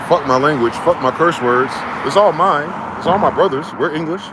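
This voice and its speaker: A man's voice: on the high side, heavy background noise. A man from New Jersey delivering a heated, profane ranting monologue as a vlogger. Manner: profane, heated, fast-talking.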